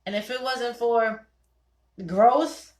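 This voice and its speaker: A young woman hosting a ladies' night call, giving animated, preachy advice and quoting her husband in voices. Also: a little high, slow pace, reverberant. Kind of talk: casual talk to listeners.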